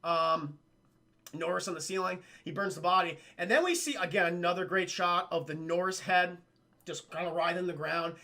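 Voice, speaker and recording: A man streaming live, recapping a film scene by scene for his chat in a loose, profane way and acting out the characters' lines. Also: high voice. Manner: animated, acts out characters' lines in quick changes of voice; swears a lot and keeps addressing the chat.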